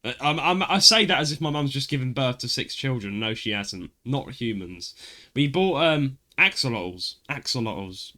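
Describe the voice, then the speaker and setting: The British host keeps his podcast conversation casual, recounting stories with animation and breaking into frequent laughter. He speaks at a normal pace with a medium pitch.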